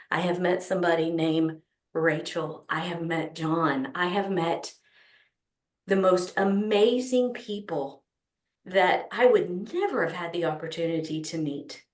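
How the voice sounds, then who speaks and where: A woman's voice: fairly low pitch, roomy sound. A woman with a Texas accent hosting an online business summit, talking enthusiastically with many ums and restarts. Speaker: summit host. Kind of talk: opening remarks at an online summit.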